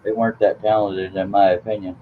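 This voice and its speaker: Man, stream host, low voice, rambling, teasing, casual late-night chat. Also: little pitch movement, fairly quick. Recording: tinny phone-like line with faint hiss.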